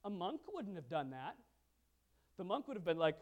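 A male pastor preaching a sermon, asking the audience questions and swinging from quiet asides to loud emphasis. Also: high voice, very animated, moderate pace.

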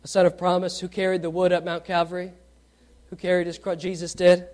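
Speaking fairly quickly in a high voice, this preacher reads from scripture and puts questions to his congregation. His delivery shifts between loud, lively questioning and quiet, pointed emphasis.

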